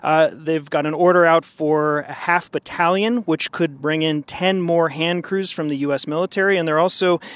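A man's voice: fairly high pitch, fairly even intonation, normal speed, hardly any pauses, a bit bright, clean tone, dry recording. Plainspoken male news reporter, dry sound. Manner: plainspoken, conversational. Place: outdoors by an airfield.

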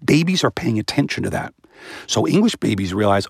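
A man with a low, gravelly voice and a slightly husky edge talks through how babies learn speech, vividly demonstrating sounds as he goes. The recording is close and dry, with no room around him. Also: normal speed, no echo. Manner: animated, imitates baby sounds with high-pitched bursts. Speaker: guest expert on voice and language. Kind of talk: explanatory interview answers.

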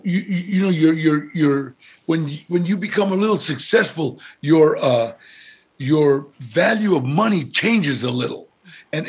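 An older man and actor, telling stories in a halting way, repeating words and turning lively when quoting others. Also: on the high side, husky. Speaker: actor, interview guest. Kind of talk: casual storytelling.

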